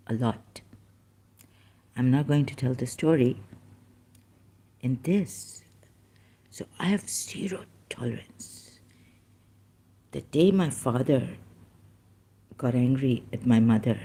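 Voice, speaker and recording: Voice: mid-range voice, warm tone, breathy edge. Agitated, rambling vlogger. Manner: agitated, rambling, with apologetic asides. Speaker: YouTube channel host. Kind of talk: ranting monologue to commenters.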